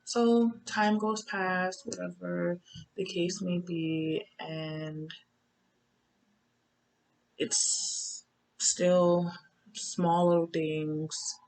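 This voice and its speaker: A young survivor shares her own story in loose, casual conversation, repeating her phrases. Her fairly low, gravelly voice is level and darkish, extremely slow with long pauses, and the recording is rough.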